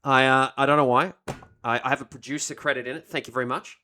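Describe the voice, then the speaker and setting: A man giving casual gameplay commentary as a streamer, excitable and joking, swearing a lot and breaking into loud mock voices. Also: medium pitch, fast, slight background noise. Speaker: let's-play streamer.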